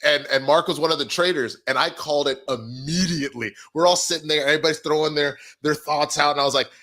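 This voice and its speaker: A man's voice: on the high side, fast talker, few pauses, pushed and bright. A man co-hosting a casual podcast chat who laughs easily and tells anecdotes.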